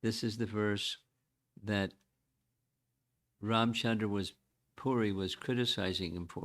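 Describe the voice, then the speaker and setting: An older man giving a devotional lecture as spiritual teacher, speaking in a measured, reflective way and chanting verses slowly. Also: fairly low pitch, steady tone, fairly bright tone.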